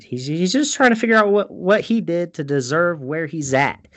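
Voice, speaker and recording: A man casually retelling a movie plot, swearing a lot and laughing at it. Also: medium pitch. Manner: profane, animated, laughs often. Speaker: movie recapper.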